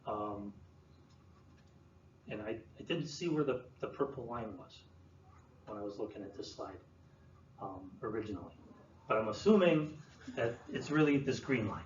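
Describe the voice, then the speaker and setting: A man's voice: lowish voice, moderate pace, long pauses. Man presenting in a roomy hall. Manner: relaxed, explanatory, many fillers and restarts. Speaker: land use planner presenting. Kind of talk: live presentation to an audience. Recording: roomy, distant, dull sound with faint room noise.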